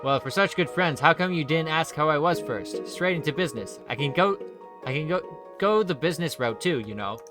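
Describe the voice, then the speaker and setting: A man's voice: fairly high pitch, expressive, brisk, over music, natural voice. A man voicing a prickly woman police dispatcher who talks in a curt, huffy way.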